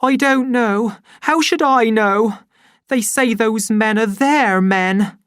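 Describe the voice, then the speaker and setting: A narrator voicing a bitter, volatile young woman who shouts shrilly in an audiobook story. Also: medium pitch, takes it slowly, smooth, dry recording, clean studio sound, voice pushed up. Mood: tearful. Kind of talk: audiobook character voice.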